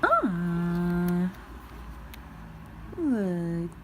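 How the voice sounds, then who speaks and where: A young woman vlogging an unboxing in a gushing, excitable way, sometimes slipping into whispers, recorded on a phone. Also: fairly low pitch, drawn-out words. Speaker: vlogger unboxing a collectible figure. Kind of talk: casual unboxing chat. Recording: noisy room ambience behind.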